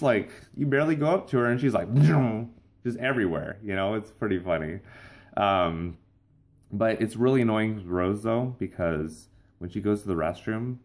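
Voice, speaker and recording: A man's voice: mid-range voice, darkish tone. A young adult man hosting his own vlog, telling rambling, playful stories in a casual monologue. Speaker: vlog host.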